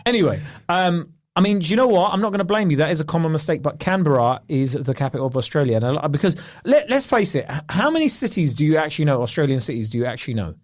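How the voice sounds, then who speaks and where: A man from the United Kingdom co-hosting a comedy podcast in casual chat, animated and swearing. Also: on the high side, fast talker, few pauses, no room sound, studio quality. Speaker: podcast co-host.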